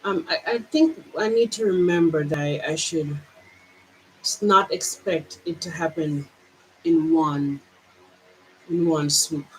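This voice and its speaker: A woman vlogger with a Jamaican accent, pouring out her feelings in a halting personal monologue full of restarts. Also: low voice, slight background noise, rough recording.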